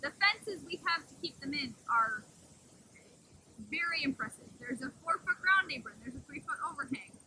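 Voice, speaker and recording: A woman's voice: lively intonation, normal speed, sharp tone, slight background noise, low-quality recording. A woman working as a wolf caretaker, talking enthusiastically to the camera outdoors beside the wolf pens. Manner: enthusiastic, talks to the wolves in a high sing-song voice. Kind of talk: casual outdoor explanation to camera.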